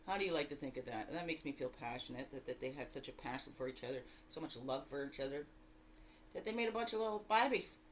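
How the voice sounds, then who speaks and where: A woman giving a daily spiritual card reading in a lively, exclamatory way, full of rhetorical questions and repeated phrases. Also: quick pace, slight background noise, low-quality recording. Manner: animated, jumping between loud bursts and low asides. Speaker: spiritual guide.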